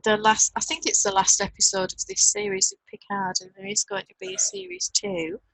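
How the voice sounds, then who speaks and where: A middle-aged woman with a Northern English accent, chatting casually and reading out viewer comments on a video call. Her voice has a gravelly, crackly edge, and the sound is close and dry. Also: a little high, sing-song, a little fast, a bit bright, no echo. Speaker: co-host. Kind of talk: casual chat on a livestream.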